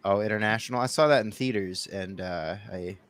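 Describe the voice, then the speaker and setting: A man chatting casually as a guest, relaxed and opinionated, with hesitant fillers. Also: on the low side, fairly quick. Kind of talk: casual chat.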